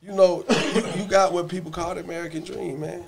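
A man in casual chat, telling stories in a lively, joking way with lots of swearing. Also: high-pitched, fairly quick, vocal fry, a crowd in the background. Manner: animated, swearing, laughing storyteller. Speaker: podcast guest.

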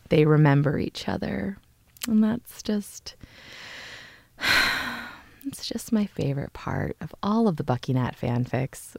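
A woman's voice: fairly low pitch, clear, resonant tone, dry recording, studio quality. A woman hosting a podcast in a casual, rambling, gushing monologue and laughing often. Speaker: podcast host.

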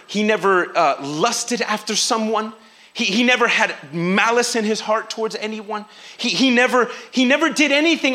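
A man preaching a sermon in a lively, casual way, acting out quoted voices and using slang. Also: high voice.

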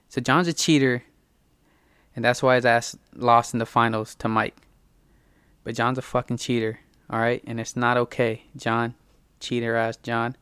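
Dude rambling thru a story, cussing, slangy, smooth clear voice, dry sound. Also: male voice, medium pitch, fairly bright tone, no room sound. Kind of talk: casual storytelling.

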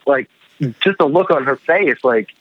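A man, a guest artist, chatting casually over a headset call, talking haltingly with frequent restarts. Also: medium pitch, lively intonation, no echo, phone-quality sound. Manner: halting, stammering, lots of restarts. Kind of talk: casual chat.

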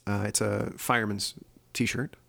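A man's voice: lowish voice, little pitch movement, unhurried, creaky, a bit bright. A man hosting his own opinion podcast, talking earnestly and thinking aloud with frequent fillers. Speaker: podcast host. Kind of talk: solo opinion podcast monologue.

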